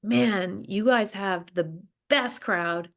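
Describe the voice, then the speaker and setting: A woman, a guest telling her story in a casual interview, animated and talkative. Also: mid-range voice. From Boston, USA. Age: 30s. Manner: animated, talkative, quick bursts with laughter. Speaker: interview guest, marathon runner.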